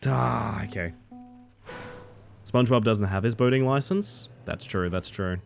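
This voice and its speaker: A man's voice: lowish voice, measured pace, creaky, soft background music. A man live-streaming a racing game, chatting casually and riffing playfully on his viewers' comments. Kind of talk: casual live-stream chat while playing.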